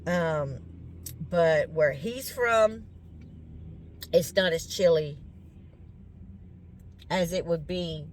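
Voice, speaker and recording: Slow-talking Southern woman vlogger. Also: lowish voice, a little hiss or hum. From Louisiana, US. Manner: chatty, talks to viewers as y'all. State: congested, throaty from sinus drainage. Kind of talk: casual chat to viewers.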